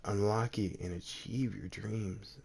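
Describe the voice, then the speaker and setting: A man voicing a dying old male martial arts master, who speaks weakly and quietly in halting phrases. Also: deep voice, creaky, a little hiss or hum. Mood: hushed. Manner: quiet, weak, halting speech. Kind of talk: storytelling.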